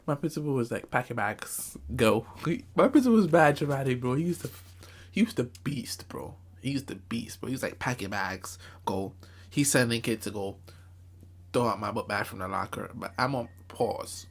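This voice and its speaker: A young man from New York telling comic stories from his school days in an animated, slangy way, often breaking into laughter. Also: medium pitch, brisk, vocal fry. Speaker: vlogger. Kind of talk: comedic storytelling.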